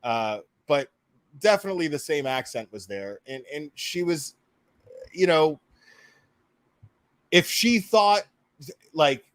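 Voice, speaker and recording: A man's voice: a little high, fairly bright tone, no room sound. A man hosting a casual reaction commentary, swearing freely, laughing and stammering through restarts. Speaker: YouTube commentary host.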